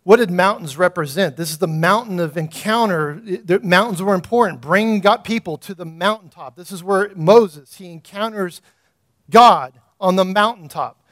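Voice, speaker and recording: A man's voice: high voice, normal speed, fairly bright tone. A man preaching a sermon, building to fervent, repeated emphatic calls.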